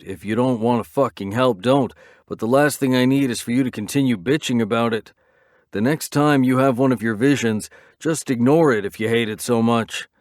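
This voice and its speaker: A man's voice: medium pitch, dry recording, clean studio sound, lightly acted. An audiobook narrator voicing a stressed, commanding male biker club president who snaps at people. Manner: sharp, snapping and exasperated.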